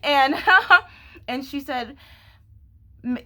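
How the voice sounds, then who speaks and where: A woman's voice: medium pitch, lively intonation, slow pace, long pauses, fairly bright tone. A young woman talking candidly in her own vlog, with frequent laughs as she speaks. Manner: candid, laughs often, restarts and fillers. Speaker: vlogger. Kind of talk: confessional vlog talk.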